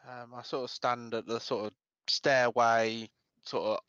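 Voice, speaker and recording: Hesitant player with a smooth voice. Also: male voice, medium pitch, little pitch movement, a little slow, a bit bright, no room sound, dull audio. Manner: hesitant, filler-heavy describing of actions. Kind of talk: tabletop game play.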